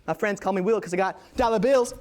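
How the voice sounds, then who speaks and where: A man's voice: high voice, expressive, normal speed. A young man playing a famous playwright as a swaggering rapper who rhymes every line. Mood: cocky rhyming. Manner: rhymes everything in a streetwise rap flow. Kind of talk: solo comedy performance.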